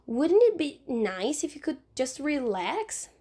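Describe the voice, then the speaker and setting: A woman's voice: high voice, very animated, slow, mellow, exaggerated voice. A woman reading aloud and voicing a bossy, self-assured young girl who insists on being in charge. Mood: persuasive. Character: bossy know-it-all young girl babysitter.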